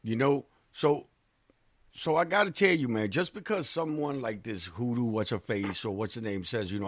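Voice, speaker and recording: A man's voice: on the low side, normal speed, no echo. A man co-hosting a casual radio chat, telling stories bluntly and with swearing. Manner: blunt, animated storytelling with profanity. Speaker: co-host.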